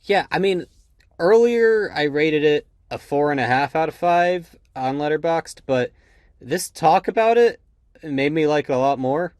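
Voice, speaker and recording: A man's voice: fairly high pitch, expressive, a little slow, a little mellow, no room sound, studio quality. A man co-hosting a casual film podcast, rambling with many restarts. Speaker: podcast co-host.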